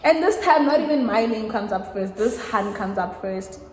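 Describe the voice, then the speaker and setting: A woman's voice: on the high side, normal speed. Woman telling a story, laughing. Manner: animated storyteller, laughing through her own story. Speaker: guest. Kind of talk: casual storytime chat. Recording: echoey room with long reverb and faint background noise.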